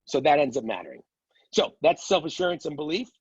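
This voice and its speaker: A man's voice: on the high side, very animated, a little mellow, husky, no echo, muffled recording. A middle-aged man teaching a class in a casual, conversational way, telling stories and quoting others with playful voices. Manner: conversational, quick asides and playful quoted voices. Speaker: strengths coach teaching a class. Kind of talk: casual lecture with anecdotes.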